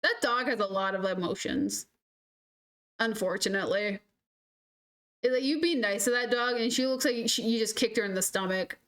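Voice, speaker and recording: A woman's voice: a little high, moderate pace, long pauses. A young adult woman streaming a game, telling rambling stories in casual chat with lots of "like". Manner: rambling, animated storytelling full of "like". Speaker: gaming streamer. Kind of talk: casual chat while gaming.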